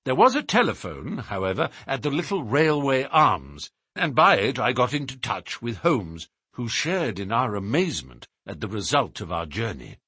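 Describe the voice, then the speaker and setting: A man narrating a story aloud in a measured, expressive reading. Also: mid-range voice, husky, no echo, clean studio sound. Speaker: audiobook reader. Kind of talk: scripted narration.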